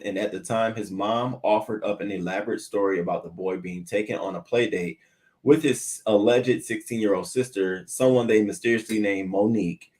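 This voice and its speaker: A man hosting a casual morning news livestream from a swivel chair at home, animated and swearing, talking back to viewer comments. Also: fairly low pitch. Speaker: host of a morning news show.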